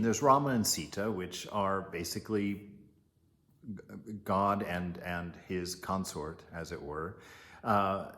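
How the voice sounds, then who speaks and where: A man giving a casual spiritual teaching, retelling a legend as an animated storyteller. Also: low-pitched. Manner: animated storyteller, chuckling asides.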